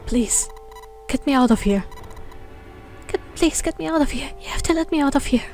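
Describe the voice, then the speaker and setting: A woman's voice: high voice, lively intonation, extremely slow, a little mellow, soft background music, pitched above the performer's own voice, exaggerated voice. A woman voicing a panicked young woman who screams and pleads hysterically. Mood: desperate pleading. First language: German.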